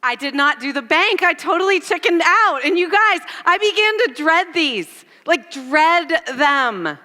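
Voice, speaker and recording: A woman giving a sermon, telling funny stories about herself in an animated, self-mocking way. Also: very high-pitched, a little slow, in a large hall. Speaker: church speaker. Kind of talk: sermon with personal storytelling. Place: church auditorium.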